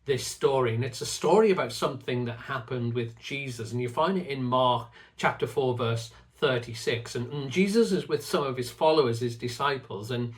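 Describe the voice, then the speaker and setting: A middle-aged man speaks earnestly to his viewers about faith and trust, in a voice of ordinary middle pitch. He talks in a reflective, teaching way and often doubles a word as he begins a thought. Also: normal speed, few pauses. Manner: earnest, repeats words when starting phrases. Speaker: faith teacher and channel host. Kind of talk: reflective talk to camera.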